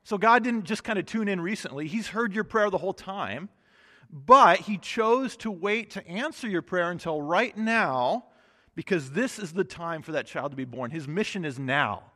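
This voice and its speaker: A man's voice: high-pitched, animated, moderate pace, pushed and bright. A man preaching a sermon, reading scripture and then explaining it in a casual, chatty way with humor and frequent restarts. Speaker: pastor. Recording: long hall reverb.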